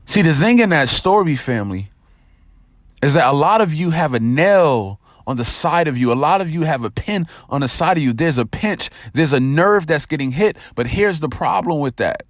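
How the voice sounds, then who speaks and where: A man's voice: fairly high pitch, lively intonation, moderate pace, dry recording, clean studio sound. A man hosting a motivational podcast, talking directly and energetically to his listeners and telling a story to make his point.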